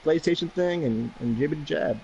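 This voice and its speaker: A man's voice: a little high, fairly quick, vocal fry, darkish tone, muffled recording. A man commentating a video game casually, telling goofy stories and laughing often. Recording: noticeable background noise.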